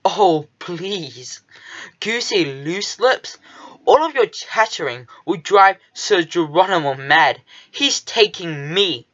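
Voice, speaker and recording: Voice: medium pitch, animated, slow, fairly bright tone, highs cut off. A reader voicing a small male chameleon sidekick who mocks and rolls his eyes at others. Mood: mocking. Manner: eye-rolling, mocking.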